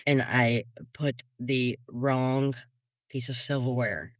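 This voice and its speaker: A man's voice: mid-range voice, steady tone, slow pace, no echo, studio quality. A man co-hosting a casual parenting chat, telling wry, exasperated stories about his son. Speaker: podcast co-host, father.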